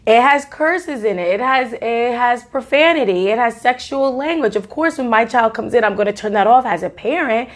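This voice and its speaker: A young adult woman co-hosting a podcast, chatting casually with quick asides and easy laughter. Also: a little high. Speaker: podcast co-host. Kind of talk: casual opinionated chat.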